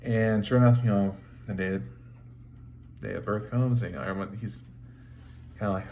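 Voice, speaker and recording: A man's voice: fairly low pitch, fairly quick, gravelly, pauses often, mellow, slight background noise. A man who blogs as a trucker, retelling a Bible story in an informal, slangy way with frequent restarts. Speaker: trucker video blogger.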